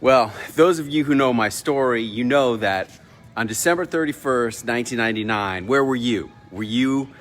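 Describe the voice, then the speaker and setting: A middle-aged man hosting a casual vlog from his home, telling a personal story with lively delivery and acted-out dialogue. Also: mid-range voice, normal speed. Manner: animated storyteller, acts out quoted dialogue. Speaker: vlog host. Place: home in Mexico.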